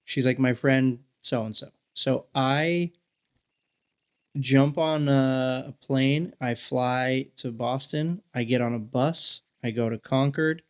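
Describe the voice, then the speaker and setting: A man's voice: slow, clean tone. A man in his thirties, a podcast guest, telling stories in a rambling, casual way full of fillers and acted-out quotes. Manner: rambling, filler-heavy, acts out quoted people in high voices. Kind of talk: casual storytelling chat.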